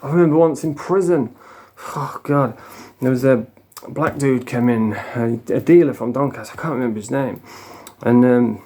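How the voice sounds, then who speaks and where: A man's voice: medium pitch, moderate pace, mellow. A man, a former addict telling his story in a frank, casual monologue full of swearing. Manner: frank, swears a lot, plain-spoken.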